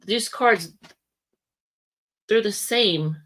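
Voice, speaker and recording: A woman's voice: medium pitch, extremely slow, a bit bright. A woman giving a casual, rambling tarot reading, often stopping to correct herself. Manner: rambling, self-correcting, chatty asides. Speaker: tarot reader.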